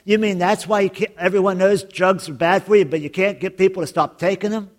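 A man preaching a sermon as pastor, telling jokes and stories in an animated way. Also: high voice, brisk. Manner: joking, animated storytelling with laughs.

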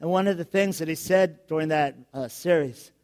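A middle-aged male pastor giving a sermon, telling stories with frequent chuckles and building to loud, emphatic questions. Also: on the high side, normal speed.

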